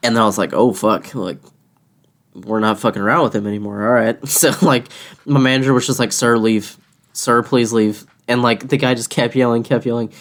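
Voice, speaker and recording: A man's voice: medium pitch, fast talker. A young man who works as a cashier, casually retelling a run-in with a rude customer, swearing often and laughing between lines. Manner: animated, profane, laughing retelling. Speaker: restaurant cashier. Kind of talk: casual storytelling chat.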